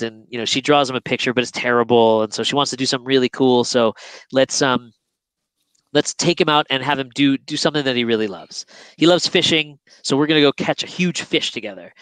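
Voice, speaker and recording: A man's voice: mid-range voice, fairly bright tone, smooth, no room sound, poor audio. A young man, a picture book author, chatting casually and acting out the characters as he tells his story. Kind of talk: casual bookstore video chat.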